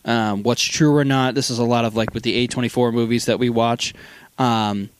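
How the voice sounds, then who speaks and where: A man co-hosting a casual film review, retelling scenes with lots of fillers and quick acted-out quotes. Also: mid-range voice, steady tone, a little hiss or hum. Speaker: podcast co-host.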